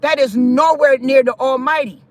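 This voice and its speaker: A middle-aged woman hosting a live stream, telling a personal story in a casual, animated way and breaking into preachy asides. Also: high voice, normal speed, no room sound.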